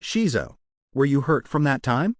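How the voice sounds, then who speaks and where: A man's voice: medium pitch, big pitch swings, normal speed, no room sound, clean studio sound, close to an everyday voice. A frightened young boy, read by a man. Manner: pleading, raised voice.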